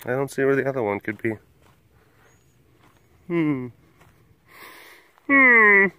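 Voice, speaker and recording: A man's voice: mid-range voice, steady tone, rapid-fire, no room sound. A man filming a casual vlog at an animal facility, teasing the tigers playfully and breaking into laughs. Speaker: big cat keeper filming the animals.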